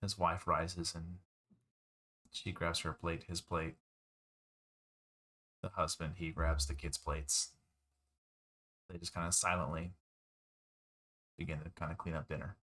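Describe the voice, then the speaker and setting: Low-voiced man running a tabletop game. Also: level tone, unhurried, long pauses, sharp tone. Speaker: game master.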